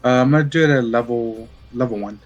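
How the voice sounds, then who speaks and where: A man's voice: medium pitch, fast talker, muffled recording, soft background music. A man playing a tabletop game, speaking in a hesitant, unsure way. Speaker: player.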